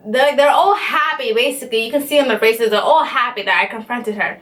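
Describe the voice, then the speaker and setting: A young woman vlogger telling a story in a casual, animated way, with lots of slang and swearing. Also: a little high, fairly quick.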